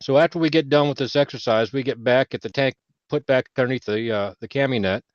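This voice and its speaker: A man on a veterans' panel spins a long service story in casual chat, heavy with swearing and rising to loud bursts when he quotes himself. His voice sits in a middling register. The sound is dull and lo-fi, and the room is dry. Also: mid-range voice, fast, no room sound. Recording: dull lo-fi audio.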